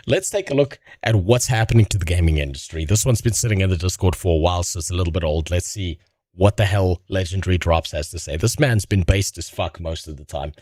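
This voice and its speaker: A man's voice: fairly low pitch, darkish tone, dry recording, studio quality. A man streaming live, reacting to videos with blunt, profane commentary and frequent laughter at his own jokes.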